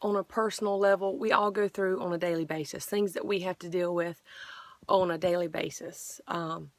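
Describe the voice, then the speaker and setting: A woman's voice: fairly low pitch, steady tone, moderate pace. A middle-aged woman earnestly sharing a personal faith testimony, rambling with frequent restarts.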